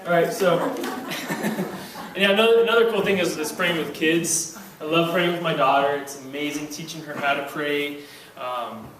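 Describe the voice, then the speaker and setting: A man's voice: fairly high pitch, normal speed, a crowd in the background. A young man doing a stand-up routine at a church Christmas party, rambling and poking fun at himself, recorded by a far-off camera. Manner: rambling, self-mocking, playful. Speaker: stand-up comedian. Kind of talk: stand-up comedy. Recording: echoey room from far off.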